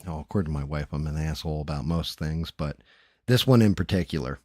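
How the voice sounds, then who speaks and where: A man's voice: very deep voice, fast, darkish tone, no room sound, clean studio sound. A middle-aged man, a streamer, talking candidly and rambling in casual chat, with some cursing.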